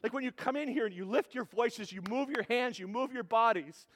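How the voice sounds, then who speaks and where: A man preaching a sermon as a pastor, animated and conversational, asking the congregation rhetorical questions. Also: very high voice, a little fast, slight background noise. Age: adult parent.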